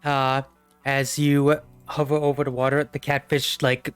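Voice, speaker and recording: A man's voice: medium pitch, little pitch movement, a little slow, clean tone, dry recording, soft background music. A young man narrating a tabletop game as game master, rambling with many fillers.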